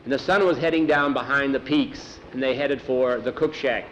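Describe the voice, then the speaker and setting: A man narrating a story in a plain, unhurried, folksy way. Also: mid-range voice, muffled recording, a little hiss or hum. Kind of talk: oral storytelling.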